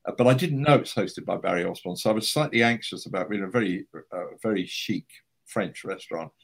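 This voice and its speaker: A man's voice: low voice, fairly quick, creaky. An older man, a writer, telling chatty anecdotes as a guest in an interview, with frequent restarts and fillers.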